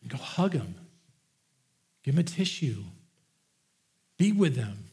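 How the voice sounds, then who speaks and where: A man's voice: medium pitch, very animated, slow, warm tone. A man preaching a sermon, impassioned and repetitive, often restarting his words as he builds a point. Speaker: pastor.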